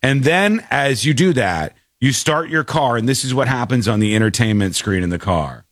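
A man's voice: mid-range voice, animated, normal speed, slight background noise. A man hosting a casual tech chat show, joking and slipping into silly character voices. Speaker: show host.

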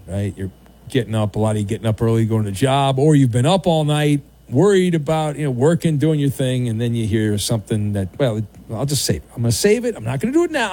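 A man's voice: mid-range voice, warm tone. A man hosting a live sports talk radio show, jokey and teasing, stretching words out for emphasis.

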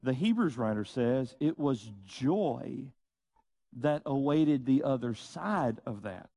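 A man preaching a sermon, slow and emphatic, with dramatic pauses and rhetorical questions. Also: mid-range voice, expressive, vocal fry, mellow, no echo. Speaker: pastor.

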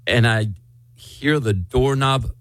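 A man in his thirties, a morning radio host, telling a story with lively acted-out quotes. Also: mid-range voice, slow pace, no echo. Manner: animated storyteller, acts out quotes.

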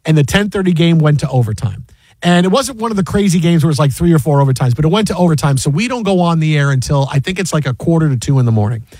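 A high-pitched man hosts sports talk radio and tells a story with lively energy, acting out what people said. His voice sounds close and dry from a studio microphone. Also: fast, no room sound. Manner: animated storyteller who acts out quotes and laughs often.

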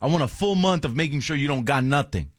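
A man's voice: fairly high pitch, expressive, quick pace, no room sound, clean studio sound. A man co-hosting a radio show, blunt, opinionated and teasing in casual chat.

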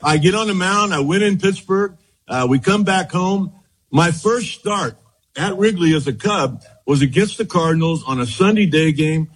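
Husky-voiced man telling old stories. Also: high voice, normal speed, rough recording. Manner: rambling anecdotes, quoting others, frequent restarts. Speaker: former baseball pitcher. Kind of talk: storytelling interview.

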